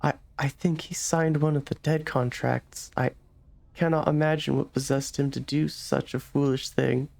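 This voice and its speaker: A man's voice: mid-range voice, level tone, normal speed, voice pushed up, close to an everyday voice. A man voicing an anxious middle-aged woman who speaks hesitantly in an old-fashioned dialect. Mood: worried. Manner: hushed, hesitant, rough old-world dialect.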